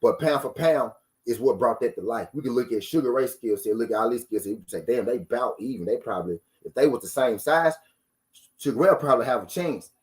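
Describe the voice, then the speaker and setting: A man's voice: mid-range voice, a little fast. A man hosting a boxing talk stream, ranting casually to his viewers with profanity, rhetorical questions and lines repeated for emphasis.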